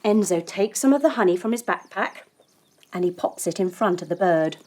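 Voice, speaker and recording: A woman telling a story as she leads a yoga lesson for children, playful and gentle as she guides each movement. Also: lowish voice, lively intonation, brisk. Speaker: kids' yoga instructor.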